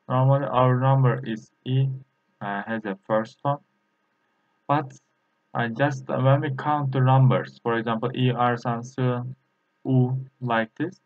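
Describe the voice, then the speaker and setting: A man with a Turkish accent, a native Turkish speaker, teaching a lesson in a halting way, pausing often and repeating practice syllables. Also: medium pitch. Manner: halting, with frequent filler pauses and repeated drill syllables. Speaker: language teacher. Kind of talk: explaining a lesson. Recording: tinny, phone-like lo-fi sound.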